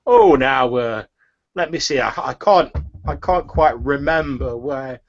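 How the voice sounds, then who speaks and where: A man's voice: medium pitch, unhurried, highs cut off, over music, natural voice. A man voicing a nervous, fawning woman who sells turnips, stammering and calling everyone sir.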